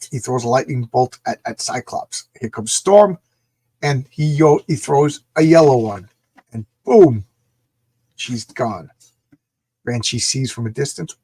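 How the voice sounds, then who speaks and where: A man reviewing comic books in a casual livestream, excited and rambling, often acting out the characters' lines. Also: medium pitch, husky. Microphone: small camera mic.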